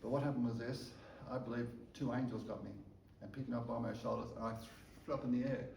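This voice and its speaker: A man tells his testimony as a sermon, caught up in the tale and tripping over his words as he goes. His voice is soft and warm. He sounds set back from the mic in a reverberant room, with a faint hum of ambience behind him. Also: medium pitch, fast, vocal fry, far from the mic. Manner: animated storyteller who stumbles and repeats words. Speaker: preacher sharing a testimony. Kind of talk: storytelling sermon.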